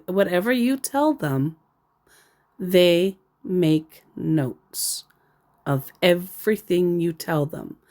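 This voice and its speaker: A woman's voice: on the low side, darkish tone. A woman retelling a text chat in a dry, mocking way. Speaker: storyteller.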